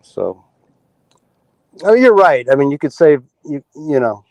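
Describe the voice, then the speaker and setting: Agreeable male co-host, slightly raised pitch, dry close recording. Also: big pitch swings, a little slow, darkish tone, dry recording. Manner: agreeable, chatty. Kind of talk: casual chat.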